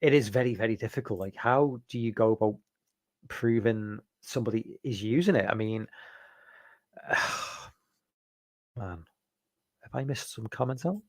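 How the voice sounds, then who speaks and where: A man's voice: fairly low pitch, normal speed, long pauses, no echo. Casual stream host, male, rambling and restarting, chatting with viewers, dry close sound. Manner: rambling, many fillers and restarts; reads out and answers viewer chat. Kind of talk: casual live-stream chat.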